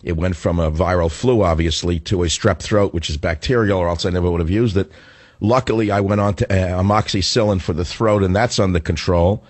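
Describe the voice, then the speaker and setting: Gruff ranting male radio host. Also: low-pitched, fairly quick, a little mellow, no echo. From northern United States. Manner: combative, ranting, sarcastic. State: recovering from flu, with a cough. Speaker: radio talk show host. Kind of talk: opinionated talk radio monologue. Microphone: studio microphone.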